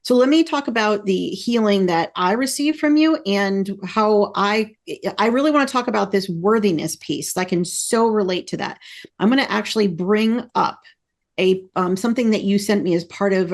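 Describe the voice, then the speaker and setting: A woman hosting a podcast interview, chatting in an excited, effusive and rambling way. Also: mid-range voice, moderate pace. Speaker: podcast host. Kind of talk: casual interview chat.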